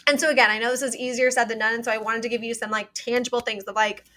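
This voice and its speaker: A woman's voice: a little high, fairly even intonation, rapid-fire, few pauses, bright, forceful tone. A young woman hosting a podcast, talking casually and earnestly, full of "like" fillers. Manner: chatty, many "like" fillers, earnest advice. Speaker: podcast host. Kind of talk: casual solo podcast talk.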